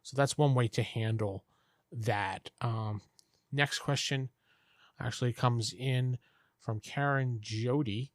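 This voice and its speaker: A man's voice: medium pitch, slow pace, dry recording, studio quality. A man hosting a tabletop game advice show, answering listener questions in a rambling, conversational monologue. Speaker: podcast host giving game master advice.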